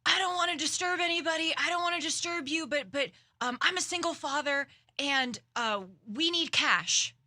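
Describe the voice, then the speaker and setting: A woman's voice: sits high, normal speed, few pauses, bright, forceful tone, pitched above the performer's own voice. A woman mimicking a man begging on the subway, an apologetic single father pleading for cash.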